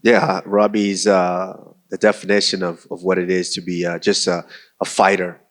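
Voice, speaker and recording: A man on a fighters' panel speaking in a measured, deliberate way. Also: sits low, level tone. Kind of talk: casual panel answers.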